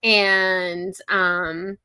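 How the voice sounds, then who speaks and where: Bright, chatty woman podcaster. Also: lowish voice, level tone, drawn-out words, clean tone, no echo. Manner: chatty retelling, heavy use of "like". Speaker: podcast co-host. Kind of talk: casual book-discussion chat.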